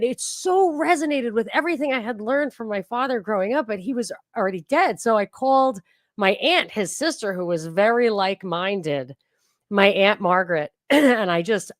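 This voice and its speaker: A woman's voice: medium pitch, no room sound. A woman podcast host talks casually through a book, chatty and rambling, often restarting her sentences. Her voice sits in a medium range. The recording is close and dry. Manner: chatty and digressive, with frequent restarts. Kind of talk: casual book reading and discussion.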